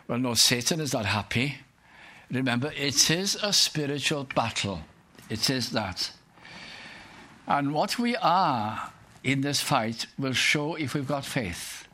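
A man's voice: mid-range voice, big pitch swings, slow, pauses often, bright, forceful tone. An older man preaching a sermon, earnestly putting direct questions to his congregation.

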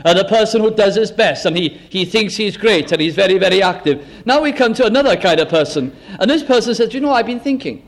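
A man preaching a sermon, possibly, slowing down for emphasis and acting out the boasts of self-righteous people. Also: high-pitched, lively intonation. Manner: dramatic, acts out boastful quoted voices, slow emphatic phrasing.

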